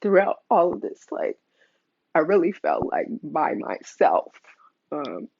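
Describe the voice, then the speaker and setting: A woman's voice: lowish voice, very animated, takes it slowly, vocal fry, darkish tone, slightly rough, dry recording. Young woman, emotional confessional vlog, earnest and candid, dry dull lo-fi recording. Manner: earnest, open, many fillers. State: emotional, near tears. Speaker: mother sharing a custody story.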